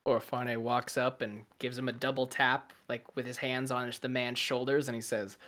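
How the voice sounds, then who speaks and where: A man's voice: medium pitch, fairly even intonation, moderate pace, hardly any pauses, a bit bright. A man playing a character in a casual tabletop game, playfully describing his actions. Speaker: player.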